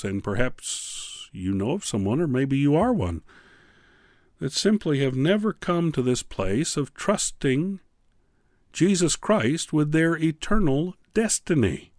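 Slow, fervent preaching man. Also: medium pitch, big pitch swings, darkish tone, dry recording, clean studio sound. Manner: fervent, pleading preaching with slow emphatic pauses. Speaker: radio Bible teacher. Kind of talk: radio sermon.

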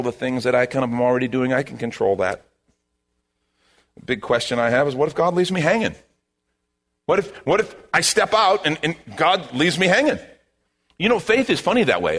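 Male pastor, mid-pitched, lively and expressive delivery, conversational sermon style with repeated phrases. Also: fairly quick.

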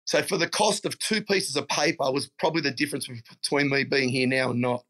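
A man's voice: medium pitch, fairly quick, a bit bright. A middle-aged Australian man chatting casually as a guest, telling blokey stories and calling people mate. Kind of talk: casual chat.

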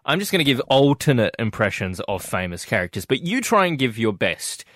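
A man's voice: mid-range voice, sing-song, brisk, fairly bright tone, dry recording, clean studio sound. A man co-hosting a breakfast radio show, playful and laughing often. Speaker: radio co-host. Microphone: studio microphone.

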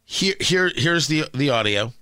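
A man's voice: fairly high pitch, expressive, unhurried, background noise. A man hosting a morning radio talk show, giving emphatic, incredulous opinion commentary full of rhetorical questions. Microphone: studio microphone.

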